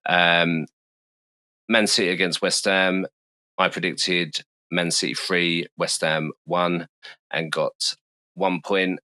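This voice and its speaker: Deep london guy hosting a football pod, bright forceful voice, dry close sound, swears a lot. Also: level tone, slow pace, no echo. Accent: London English. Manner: swears freely, scattered and self-mocking. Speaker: podcast host. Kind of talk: casual chat.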